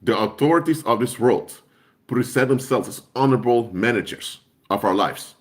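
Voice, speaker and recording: A man's voice: medium pitch, expressive, moderate pace. A man preaching on a live stream in an impassioned way, hammering home points by repeating phrases. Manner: emphatic, repeats key phrases for force.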